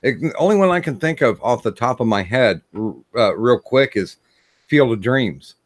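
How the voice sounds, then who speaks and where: A man hosting a casual livestream chat, talking in a halting way with many fillers and restarts. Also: medium pitch, animated, no room sound, studio quality. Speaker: stream host.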